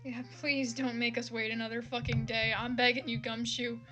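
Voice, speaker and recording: A woman streamer commentating a game, excitable, swearing freely and yelling at the screen. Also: a little high, a little fast, faint music behind, poor audio. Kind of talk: game let's play commentary.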